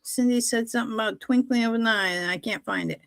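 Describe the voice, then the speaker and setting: A woman hosting a casual faith chat on a livestream, telling animated stories, acting out what others said and laughing often. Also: on the high side, quick pace, no echo. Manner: animated storytelling, acts out quoted voices, laughs often. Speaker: livestream host.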